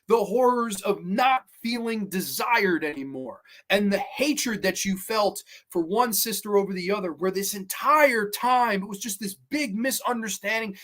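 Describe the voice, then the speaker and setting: A man's voice: sits high, fairly bright tone. A man hosting a show, giving a casual, enthusiastic, rambling film review. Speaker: podcast host.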